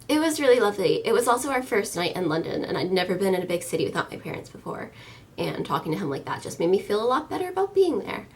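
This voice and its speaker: A woman's voice: fairly low pitch, gravelly, distant mic, slight background noise. A young American woman in her early twenties, chatting to camera in a casual vlog, eager and full of ums and likes. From United States. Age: early 20s. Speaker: vlogger.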